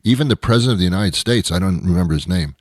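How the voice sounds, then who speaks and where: A male host giving a wry, rambling comedic monologue with dramatic pauses. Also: low voice, expressive, husky, dry recording, clean studio sound.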